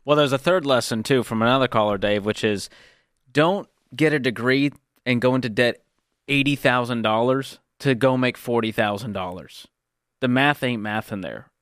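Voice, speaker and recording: A man's voice: mid-range voice, moderate pace, a bit bright, smooth, dry recording. A man co-hosting a radio talk show, chiming in with dry, wry asides. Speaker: radio co-host.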